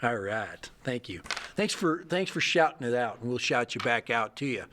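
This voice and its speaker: A man's voice: medium pitch, very animated, normal speed, bright, forceful tone. A middle-aged man hosting a casual livestream, rambling and joking as he reads out viewer comments. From United States. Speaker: livestream host.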